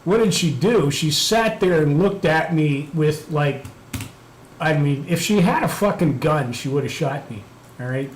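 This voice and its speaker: A man's voice: on the high side, expressive, measured pace. A man hosting a live stream, chatting casually and telling a profane story while muttering over his computer work. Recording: echoey room, faint background noise.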